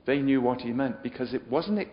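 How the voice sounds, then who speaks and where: A man's voice: medium pitch, animated, a little fast. A man preaching a sermon in a chatty, joking way, often putting questions to his listeners. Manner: chatty, jokey, asks the audience questions. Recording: dull lo-fi sound with long hall reverb.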